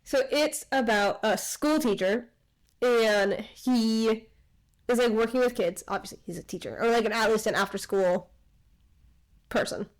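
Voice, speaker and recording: A woman's voice: fairly high pitch, a little slow, rough recording. Chatty woman rambling through a film plot. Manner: rambling retelling of a film plot, many "like" fillers. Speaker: podcast co-host. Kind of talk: casual chat.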